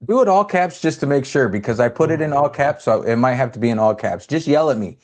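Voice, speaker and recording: Male livestream host, middle-pitched, rambling and jokey. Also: lively intonation, fast, darkish tone. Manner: rambling, multitasking, joking. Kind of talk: casual livestream chat.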